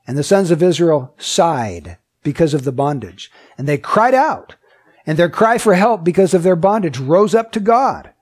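A man's voice: fairly high pitch, a little mellow, slightly rough. A man preaching a sermon. He reads scripture aloud, asks the listeners many questions, and repeats his points with emphasis. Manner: emphatic and repetitive.

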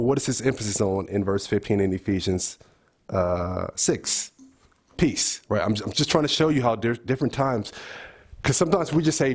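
A man's voice: on the low side, breathy edge. A man leading a bible study group, thinking aloud and putting questions to the group.

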